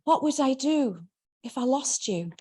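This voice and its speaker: A woman reading a memoir aloud, voicing a devout, anxious mother who speaks softly and hushed. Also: sits high, animated, unhurried, slightly rough, pitched above the performer's own voice, heavily acted. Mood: probing. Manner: soft hushed voice. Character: devout anxious mother, tender then hardening.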